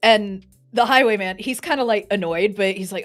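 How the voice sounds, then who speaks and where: A woman's voice: medium pitch, fairly even intonation, moderate pace, hardly any pauses, soft background music. A woman player narrating her character's actions in a tabletop game, chatty and full of fillers. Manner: chatty storytelling with frequent "like" and laughs.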